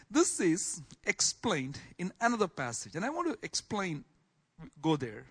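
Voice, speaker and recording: A man teaching a Bible class in sermon style, swinging from soft asides to loud exclamations. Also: sits high, huge pitch swings, a little slow, husky.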